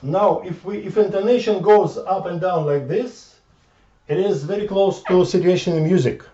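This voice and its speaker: A man lectures informally, halting and circling back over his words as he works through his ideas. His voice is fairly high but mellow. It comes from far off in an echoey room on a dull, lo-fi recording. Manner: halting, repeats words, thinks aloud at the board.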